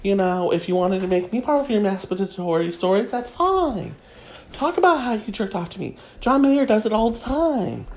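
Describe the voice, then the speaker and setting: A woman holds forth in a crude comedic monologue, trading in snarky gossip. Her voice sits at an ordinary middle pitch. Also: big pitch swings, normal speed, darkish tone.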